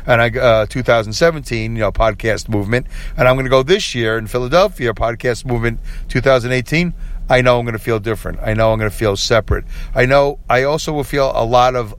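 A tired middle-aged man hosting a late-night solo podcast, talking candidly and rambling with many fillers and restarts. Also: medium pitch. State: tired, yawning. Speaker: podcast host.

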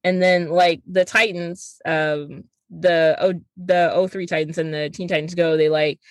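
A woman co-hosting a podcast, recapping a movie in casual chat and acting out the characters' lines in quick voices. She is slangy and swears freely. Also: fairly low pitch, no echo. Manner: animated, acts out characters' lines in quoted voices; slangy and profane. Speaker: podcast co-host.

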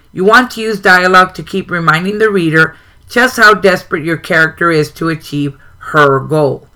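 A man reads a writing guide aloud on his own show and stops now and then for a short aside. His voice is bright and a little high. He pauses with an occasional um. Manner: plain reading with occasional ums and asides. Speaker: host reading a writing guide. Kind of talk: reading a book aloud with comments.

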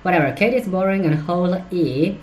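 Low-voiced woman rambling crude gossip, giggles a lot, bit of faint hiss behind. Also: a little fast, a little mellow, rough recording. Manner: crude, giggly, rambling with many fillers and restarts. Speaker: podcast host. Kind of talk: rambling solo commentary on celebrity gossip.

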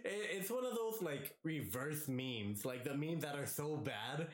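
A young man telling a story in casual chat, animated, swearing freely and acting out the voices of people he quotes. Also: on the high side, unhurried. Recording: echoey room.

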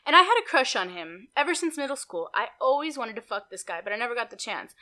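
Young woman, high bright voice, very lively pitch, crude laughing storyteller, casual podcast chat. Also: quick pace. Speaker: podcast co-host.

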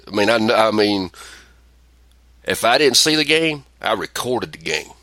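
Animated, profane man ranting on a podcast. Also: fairly low pitch, measured pace, dry recording. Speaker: podcast host. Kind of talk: casual chat.

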